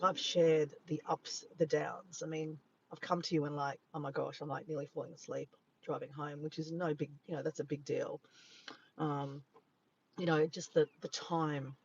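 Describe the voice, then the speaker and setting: A man's voice: on the high side, gravelly, lo-fi sound, slight background noise. Chatty Australian man vlogging from his car. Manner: chatty, rambling, easily sidetracked. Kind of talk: casual livestream chat. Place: parked car by the beach, early morning. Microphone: handheld phone camera.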